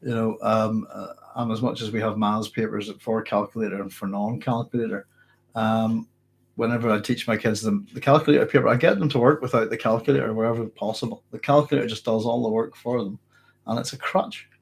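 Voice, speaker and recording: A man's voice: fairly low pitch, steady tone, fairly quick, gravelly, breathy edge. A middle-aged man with a mixed Northern Irish accent and a cold, casually answering live chat questions with many restarts. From Northern Ireland. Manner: rambling, many restarts, chuckles often. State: has a cold, hoarse throat. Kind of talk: casual livestream Q&A.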